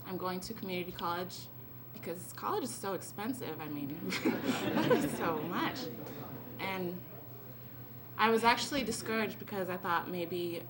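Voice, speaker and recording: A woman's voice: on the low side, expressive, moderate pace. A teenage girl giving a rambling, giggly thank-you speech as an honored student at a school event. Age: late teens. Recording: noisy event recording.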